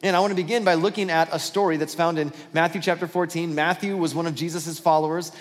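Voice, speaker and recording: A man's voice: on the high side, fairly even intonation, fast, big-room sound. A man preaching a sermon as pastor, telling a Bible story with acted-out dialogue and frequent restarts.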